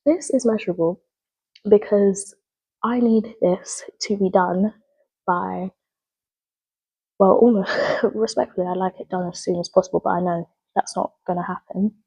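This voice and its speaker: Young woman, drama student, video diary, breathy voice, mid pitch, earnest, rambling. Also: fairly even intonation, moderate pace, a little mellow, poor audio. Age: young adult. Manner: earnest, rambling, self-correcting. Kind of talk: spoken reflective video log.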